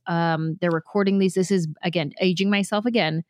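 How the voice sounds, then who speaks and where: A woman comedian from San Jose, telling stories in a quick, animated way as an interview guest. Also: medium pitch, no room sound, studio quality. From San Jose, California, US. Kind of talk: casual interview storytelling.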